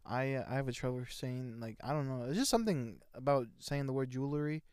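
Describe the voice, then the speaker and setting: A man's voice: mid-range voice, brisk, a little mellow, smooth, no room sound, clean studio sound. A sleep-deprived young man co-hosting a casual podcast, rambling playfully and laughing often. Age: young adult. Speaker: podcast co-host. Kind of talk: casual chat.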